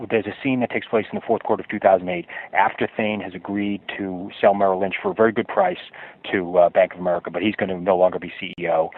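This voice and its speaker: A man's voice: fairly low pitch, no echo. A man, an author being interviewed, telling a story and explaining at length, often restarting his sentences. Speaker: author guest. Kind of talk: interview answers. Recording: tinny phone line.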